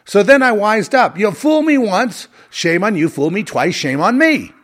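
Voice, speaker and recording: A man's voice: high-pitched, very animated, a little slow, few pauses, fairly bright tone. A man hosting his own podcast, delivering an angry, profane and sarcastic solo rant. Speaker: podcast host.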